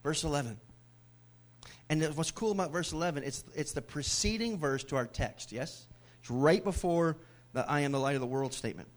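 A man preaching a sermon in church as pastor, swinging from loud declarations to hushed whispers. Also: a little high, normal speed.

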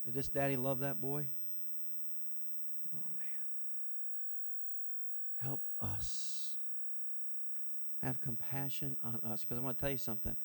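A man preaching a sermon to his congregation, swinging from loud, passionate rises to quiet asides and putting questions straight to the room. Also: medium pitch, slow, pauses often. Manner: animated preaching with sudden loud rises and soft drops; asks the congregation questions directly. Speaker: pastor.

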